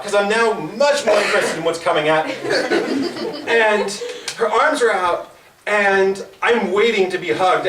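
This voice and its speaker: Young male stand-up, stammering storyteller, high animated voice, distant echoey club sound. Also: slight background noise. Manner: halting, stammering delivery with many restarts. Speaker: stand-up comedian. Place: small comedy club at an open mic. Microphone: no microphone, recorded from across the room. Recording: roomy, distant open-mic room recording. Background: audience laughter.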